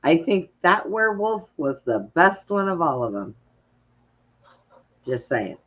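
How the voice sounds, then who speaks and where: A woman's voice: lowish voice, sing-song, a little slow, a bit bright. A woman co-hosting, chiming in casually with short agreeing reactions. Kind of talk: casual chat. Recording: dull lo-fi sound.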